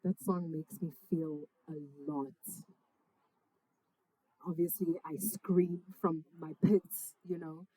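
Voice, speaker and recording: A woman's voice: fairly low pitch, steady tone, slow, mellow, breathy edge, no echo, poor audio. A young woman, a singer-songwriter, chatting casually and affectionately between songs at a live session, full of slang and swearing. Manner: laid-back, slangy, affectionate, swears freely. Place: parents' backyard, outdoors.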